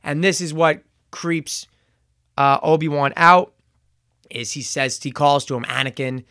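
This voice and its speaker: Smooth-voiced man recapping a show. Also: on the high side, unhurried, sharp tone, no room sound, clean studio sound. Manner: chatty, retells scenes with fillers and self-corrections. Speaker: show reviewer. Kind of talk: casual recap and review.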